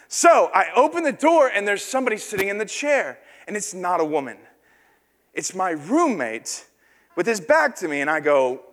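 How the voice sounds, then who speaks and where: A man preaches in a large hall, and his high, bright voice rings out into a long reverb. He tells a story that pokes fun at himself and puts on the voices of the people in it. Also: sing-song, normal speed. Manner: self-deprecating storytelling, acts out quoted voices. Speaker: pastor. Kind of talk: sermon with personal story.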